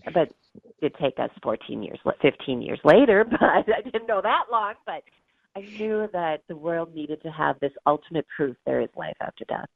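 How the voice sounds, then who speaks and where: A woman's voice: deep voice, animated, moderate pace, gravelly, breathy edge, no echo. Middle-aged woman telling her story over a phone line. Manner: earnest, acts out quoted voices, laughs through tears. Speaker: guest, bereaved mother and author. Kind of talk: emotional interview storytelling.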